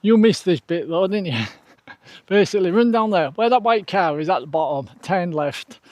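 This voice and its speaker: A man's voice: high voice, lively intonation, normal speed, a little mellow, no room sound, lo-fi sound. A middle-aged man, chatting casually to an action camera outdoors and laughing often at himself. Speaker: trail running vlogger. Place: outdoors on a trail.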